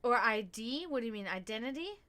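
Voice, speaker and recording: A young woman chats on her livestream in a bright, slightly high voice. She rambles candidly, full of fillers and frank swearing. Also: lively intonation, fairly quick. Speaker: livestream host. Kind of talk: casual livestream chat.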